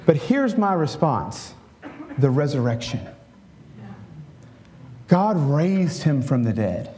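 A man's voice: on the high side, big pitch swings, slow, pauses often, mellow, slight background noise. A middle-aged male pastor giving a conversational sermon, often checking in with "right?" and leading a prayer.

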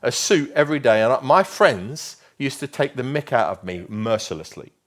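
A man preaching a sermon, emphatic and slowing right down to stress key phrases. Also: mid-range voice, expressive. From England.

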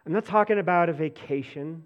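In lo-fi sound, a slightly high-voiced pastor preaches fairly quickly and conversationally, using lots of "like" and restarting often. His delivery swings between energetic bursts and soft, hushed stretches.

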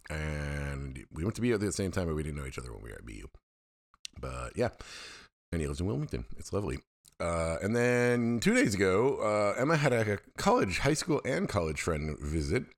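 A man's voice: deep voice, very animated, fairly quick. A middle-aged man hosting his own podcast, talking candidly and at length in a loose, rambling way. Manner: rambling, candid, self-deprecating. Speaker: podcast host. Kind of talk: casual solo monologue.

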